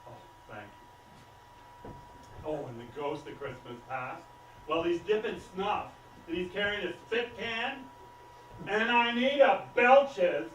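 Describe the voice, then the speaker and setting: An actor playing a dramatic, self-pitying small-town theatre director, in an amateur stage play. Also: male voice, a little high, measured pace, long pauses, fairly bright tone, muffled recording. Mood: fussy complaining. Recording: echoey stage, heard from far off, noisy.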